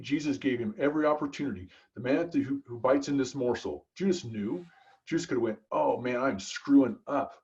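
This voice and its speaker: A man's voice: medium pitch, darkish tone, highs cut off. A man guest on a podcast, telling stories in an emphatic, preachy way, often saying "dude" and "right?". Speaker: podcast guest, business consultant. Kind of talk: animated conversational storytelling.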